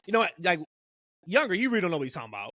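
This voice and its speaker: A man's voice: high voice, very animated, racing, pushed and bright, dry recording, clean studio sound. A man co-hosting a podcast, chatting casually and rambling with lots of "like" and "you know". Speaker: podcast co-host. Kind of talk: casual chat.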